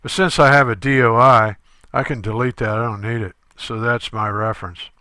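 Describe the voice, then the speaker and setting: A male instructor talking through a screen-recorded tutorial step by step, halting often with fillers. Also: medium pitch, steady tone, bright, forceful tone, no room sound.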